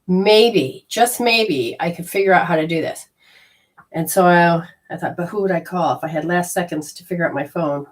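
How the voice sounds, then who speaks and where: A woman telling a personal story in a casual, animated way, swearing freely and acting out her own panic. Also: fairly low pitch, moderate pace.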